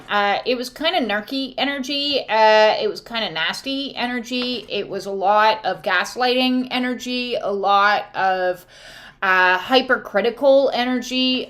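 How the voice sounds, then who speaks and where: A woman's voice: mid-range voice, fairly bright tone. A woman reading oracle cards and talking casually to her viewers, rambling with many fillers and now and then squealing out quoted voices. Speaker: oracle card reader. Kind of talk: casual spiritual talk to camera.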